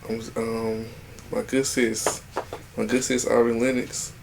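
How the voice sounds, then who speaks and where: A man's voice: mid-range voice, flat delivery, takes it slowly, vocal fry, background noise. A young man co-hosting a podcast, chatting casually and playfully, retelling songs with quoted asides. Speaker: podcast co-host. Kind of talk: casual chat.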